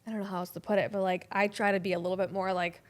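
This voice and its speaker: A woman's voice: medium pitch, level tone, rapid-fire. A woman hosting a podcast, chatting with her guest in an upbeat, chatty way. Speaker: podcast host. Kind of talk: casual chat.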